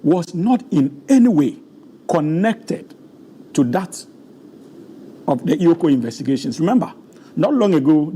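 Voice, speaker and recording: Hoarse guy in a tv studio, gravelly dark voice, formal legal arguing. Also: fairly high pitch, slight background noise. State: hoarse, losing his voice. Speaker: studio guest. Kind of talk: studio political discussion.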